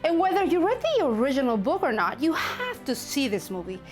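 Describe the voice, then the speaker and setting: A woman's voice: high voice, wildly swooping pitch, a little fast, soft background music. A woman hosting an entertainment show, wrapping up a film review with an upbeat, promotional sign-off.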